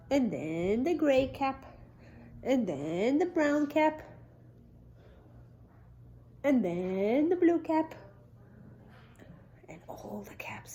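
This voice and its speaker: A woman preschool teacher reading a picture book aloud to toddlers, animated, with gasps and sudden whispers. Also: a little high, slight background noise. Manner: animated, gasping, dropping to whispers.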